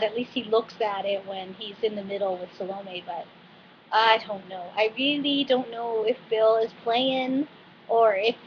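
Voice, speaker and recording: A woman giving a casual, chatty recap of a TV episode, talking with animated asides and frequent fillers. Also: on the high side. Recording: dull lo-fi recording with faint noise.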